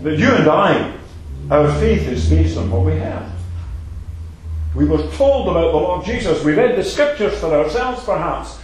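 A man's voice: on the high side, big pitch swings, moderate pace, a little hiss or hum. Emphatic male preacher in echoey hall. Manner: emphatic, repeats phrases, swings between loud and soft. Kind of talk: sermon.

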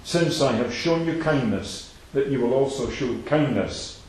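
A man preaching a sermon, emphatic and repetitive, swinging between loud declarations and soft asides. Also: medium pitch, lively intonation, unhurried. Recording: very echoey hall.

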